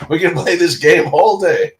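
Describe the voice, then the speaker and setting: Danish man telling lively chat stories. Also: a little high, a little slow, low-quality recording. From Denmark. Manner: chatty storyteller, laughs often, acts out voices. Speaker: co-host of live chat. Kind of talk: casual live-stream chat.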